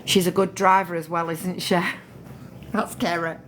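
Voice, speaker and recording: A woman's voice: fairly low pitch, little pitch movement, measured pace, slight background noise. A woman, chatting casually and swearing freely while she hosts a live stream on her phone. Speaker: livestream host.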